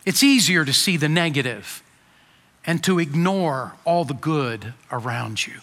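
A man preaching a sermon in an earnest voice that swings from emphatic peaks to quiet low asides. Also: lively intonation, unhurried. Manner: earnest, rising to emphatic then dropping soft. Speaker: pastor. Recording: long hall reverb.

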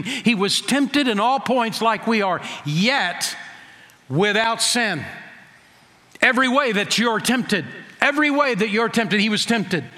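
A man preaching a sermon as pastor, emphatic, slowing down to stress key phrases and asking rhetorical questions. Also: sits high, sharp tone, in a large hall.

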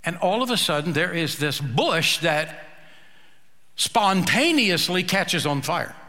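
Slow, bright-voiced preaching man. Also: a little high, big pitch swings, long reverb tail. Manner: slow, emphatic preaching with dramatic pauses. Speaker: pastor. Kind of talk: sermon.

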